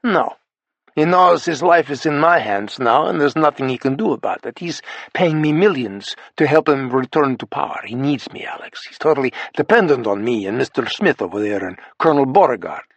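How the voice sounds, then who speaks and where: Figure: a man doing a calm, matter-of-fact ally. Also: mid-range voice, normal speed, no echo. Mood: steady.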